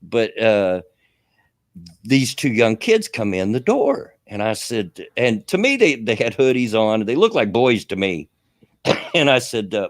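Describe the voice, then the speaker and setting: A man's voice: fairly low pitch, sing-song, unhurried, no echo. A man hosting a radio show, telling a rambling story in casual chat, chuckling often and full of fillers.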